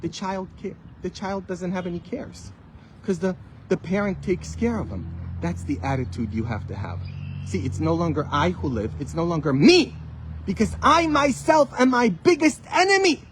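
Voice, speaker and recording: A Catholic priest delivers a sermon in a lively, swooping voice that sits a little high for a man. He asks rhetorical questions and suddenly shoots up loud for emphasis. A faint background noise runs underneath. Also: normal speed.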